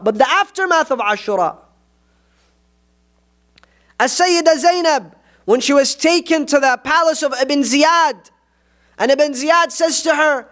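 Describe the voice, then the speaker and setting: Male preacher, very high voice, fervent sermon delivery, presses the hall with rhetorical questions. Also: fairly bright tone. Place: mosque.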